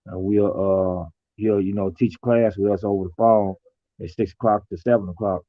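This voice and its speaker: A man talking casually and reflectively, telling stories in a relaxed colloquial way. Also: fairly low pitch, moderate pace, no echo. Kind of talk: casual conversation. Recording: tinny phone-like line.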